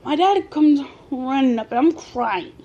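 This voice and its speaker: A woman in her early twenties telling a personal story to her camera late at night at home, excitable and animated, often restarting her sentences. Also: high voice, a little slow, lo-fi sound. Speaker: vlogger. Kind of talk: casual storytelling vlog.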